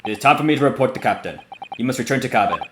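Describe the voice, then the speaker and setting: A man's voice: mid-range voice, rapid-fire, natural voice. A man putting on a curt Russian-accented ship's guard. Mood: brusque. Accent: put-on Russian. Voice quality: blunt broken English, curt. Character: stern gruff male Russian ship's guard. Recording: roomy echo with steady noise.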